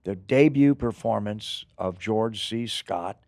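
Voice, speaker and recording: An older man, an actor being interviewed, telling rambling, animated stories in casual chat. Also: fairly low pitch, slow, no echo, studio quality. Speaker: actor guest.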